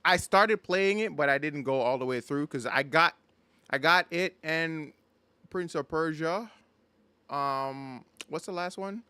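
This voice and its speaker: A man hosting a casual gaming podcast, talking in an animated, rambling way with frequent restarts. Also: fairly high pitch, measured pace, clear, resonant tone, no room sound. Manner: animated, rambling, stumbles and repeats words. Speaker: podcast host. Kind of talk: casual chat.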